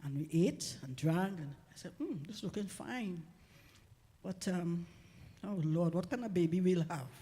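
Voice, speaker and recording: A woman's voice: on the low side, moderate pace, dark tone. A woman giving a humorous personal testimony at church, laughing often as she tells it and then exhorting her listeners. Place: church hall. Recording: long reverb of a church hall.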